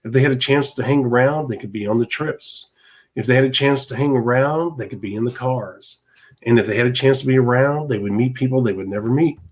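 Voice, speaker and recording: A man at a middle pitch delivers a motivational podcast monologue. He talks in an emphatic, preachy way and hammers his points home through repetition. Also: brisk. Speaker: podcast host.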